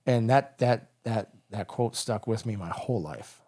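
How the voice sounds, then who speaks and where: A middle-aged American man, a guest on a podcast, recounting a combat story in halting speech full of fillers and restarts. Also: fairly low pitch, warm tone.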